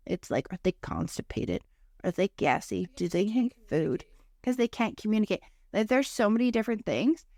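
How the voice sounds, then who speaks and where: A woman's voice: mid-range voice, no room sound, studio quality. A woman and mother co-hosting a podcast, chatting casually in a rambling way full of fillers. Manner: rambling, filler-heavy talk. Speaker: podcast co-host. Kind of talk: casual chat.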